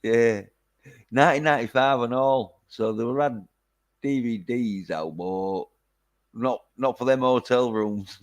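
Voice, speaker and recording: A man's voice: mid-range voice, measured pace. A man casually chatting through a film review, rambling with lots of fillers and casual swearing. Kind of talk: casual chat.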